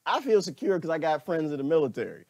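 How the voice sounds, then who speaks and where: Animated man ranting on a livestream. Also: on the high side, quick pace, no room sound, clean studio sound. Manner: animated, laughing, talks back to chat comments. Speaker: livestream host. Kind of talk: casual livestream rant.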